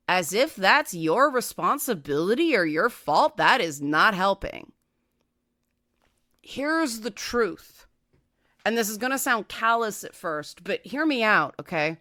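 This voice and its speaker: Woman host talking advice, bright sharp voice, kinda high, keeps asking right?. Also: very animated, normal speed. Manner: direct, conversational, many tag questions; acts out quoted voices with raised pitch. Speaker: podcast host. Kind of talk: casual advice talk.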